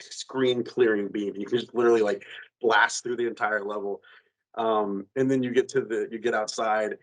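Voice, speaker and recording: A man on a podcast, retelling a video game ending in an animated, rambling way with lots of fillers and some cursing. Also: mid-range voice, low-quality recording. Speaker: podcast co-host. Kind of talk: casual chat.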